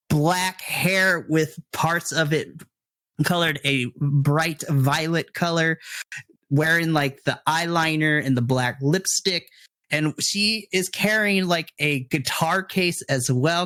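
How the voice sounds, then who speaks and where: A game master running a tabletop game, explaining rules and describing scenes, laughing often. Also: male voice, fairly high pitch, pushed and bright.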